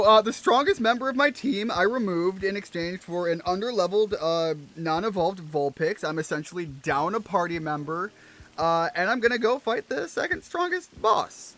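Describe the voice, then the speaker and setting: A man's voice: high voice, fairly bright tone. Rambling man streaming a video game. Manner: rambling, self-deprecating, many fillers and asides. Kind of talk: let's-play commentary.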